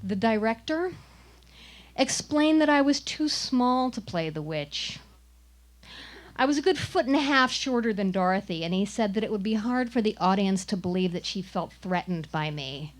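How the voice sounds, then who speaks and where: A woman's voice: mid-range voice, animated, moderate pace. A woman performing a wry, comic personal story at a live storytelling showcase. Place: small live venue.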